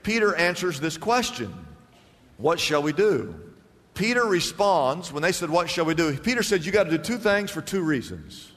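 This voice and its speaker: A male pastor preaching a sermon with strong emphasis, swinging between loud declarations and hushed passages, in a church. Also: on the high side, very animated, moderate pace. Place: church sanctuary. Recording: long hall reverb.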